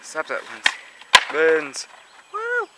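A man's voice: mid-range voice, moderate pace. Breathless young man vlogging outdoors. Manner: chatty, breathless, narrating what he films. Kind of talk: casual handheld vlog. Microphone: handheld camera mic. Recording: loud noisy outdoor camera audio.

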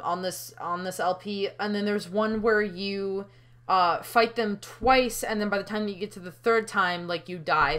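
A woman's voice: mid-range voice, a bit bright. A woman hosting a let's play, giving casual, chatty commentary and swearing freely.

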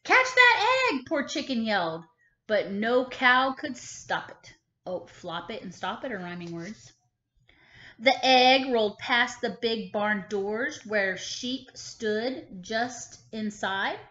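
A woman kindergarten teacher reading a picture book aloud, expressive and stopping to ask the children questions. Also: mid-range voice, takes it slowly. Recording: echoey room, slightly dull sound.

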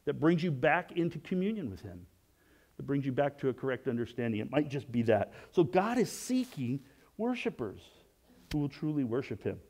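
A pastor preaches in a conversational style, posing rhetorical questions, often restarting sentences, and dropping to a soft hush when he voices prayers. His voice is medium-pitched and sing-song, at a normal speed.

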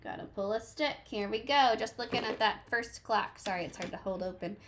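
A woman's voice: medium pitch, fairly quick, background noise. Chatty young woman teacher reading to her class. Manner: chatty, encouraging, many ums and likes. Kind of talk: reading a picture book aloud to a class.

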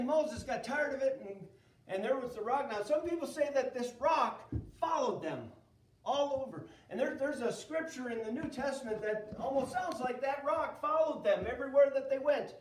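A middle-aged man leading a children's Bible lesson, telling the story in a lively way and asking the kids questions. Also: high-pitched, moderate pace. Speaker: children's church teacher. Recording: echoey room, voice from a distance.

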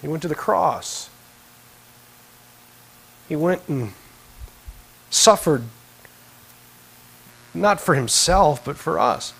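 A man preaching a sermon in a church, swinging between quiet conversational asides and impassioned, emphatic peaks. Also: a little high, animated, slow, creaky, pauses often, breathy edge, low-quality recording. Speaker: pastor. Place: church sanctuary.

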